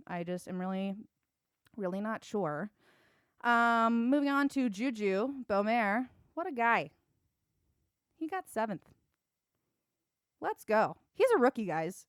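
A woman's voice: medium pitch, clean tone, no echo, studio quality. A young woman hosting a solo sports podcast, chatty and opinionated, with casual swearing. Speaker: podcast host.

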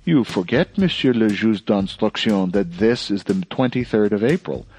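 A man's voice: fairly low pitch, lively intonation, normal speed, husky. A man voicing a polite, clever young schoolboy. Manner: soft, polite and playful.

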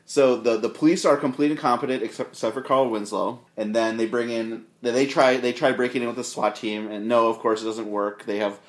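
Quick and nearly pause-free, a mid-range male voice carries this casual podcast movie chat. The co-host animatedly replays film moments and acts out quotes in an echoey room.

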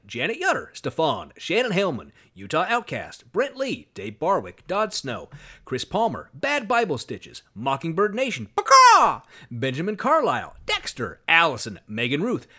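A podcast host, a man with a bright, forceful voice that leaps up and down as he mocks what he hears. He talks casually, sarcastic and sometimes profane. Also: fairly high pitch. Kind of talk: casual political commentary chat.

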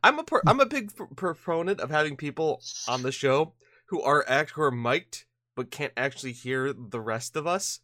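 A man co-hosting a casual podcast chat. He sounds tired but animated, and his slightly high voice swings widely in pitch. He laughs often and trips over his words, and the sound is dry and close. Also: moderate pace, no room sound. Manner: animated, laughs often, restarts mid-sentence. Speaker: podcast co-host.

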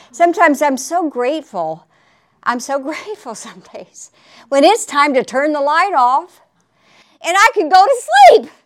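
A woman's voice: very high voice, fairly bright tone. A woman preaching in a chatty, conversational way on a faith talk show, laughing often and asking for an Amen.

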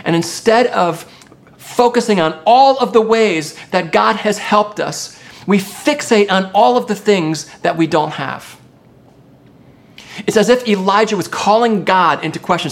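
Pastor for a sermon, mid-pitched voice, expressive delivery that swings from emphatic to quiet.

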